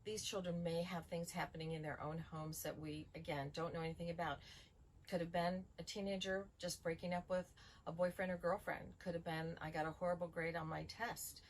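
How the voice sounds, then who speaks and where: Middle-aged woman, lowish voice, calm explaining for a training video. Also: a little fast, a little hiss or hum, low-quality recording. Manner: calm, explanatory, gives examples. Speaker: school bus safety trainer.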